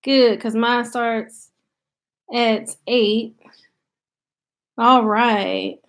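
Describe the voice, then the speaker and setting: A high-pitched woman with an American country accent talks to her viewers in a loose, chatty way. She reads their comments aloud and thinks out loud, with plenty of ums and you-knows. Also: fairly even intonation, very slow, creaky. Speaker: YouTube channel host. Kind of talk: casual live-stream chat, reading viewer comments aloud.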